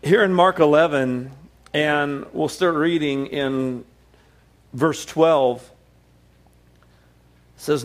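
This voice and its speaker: A middle-aged man preaching a sermon as a pastor, telling the story in an animated way. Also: very slow, pauses often. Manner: animated storytelling, acts out the disciples in a high excited voice.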